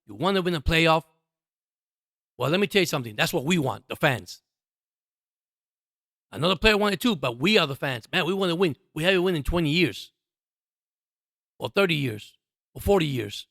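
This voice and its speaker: A man's voice: fairly high pitch, expressive, normal speed, vocal fry, pauses often, fairly bright tone, dry recording, clean studio sound. A man hosting a sports podcast, talking straight to his listeners in an emphatic, repetitive monologue. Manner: emphatic, repeats himself, addresses listeners as guys. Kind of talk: passionate sports commentary monologue.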